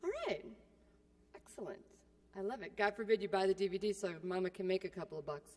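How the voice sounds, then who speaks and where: A woman's voice: medium pitch, fast talker, a little mellow, long reverb tail. A woman from California giving a keynote speech as comic storytelling, brash, self-mocking and conversational. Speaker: keynote speaker.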